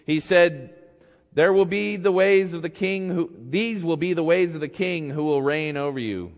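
A man's voice: on the high side, moderate pace, big-room sound. A man, a pastor, preaching a sermon who reads scripture and then retells it in a casual, joking way.

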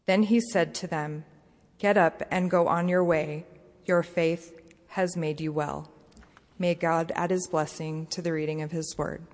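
A woman reading a scripture passage aloud in a church in a measured, deliberate way. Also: low voice, fairly even intonation. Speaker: scripture reader. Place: church sanctuary. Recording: church hall reverb.

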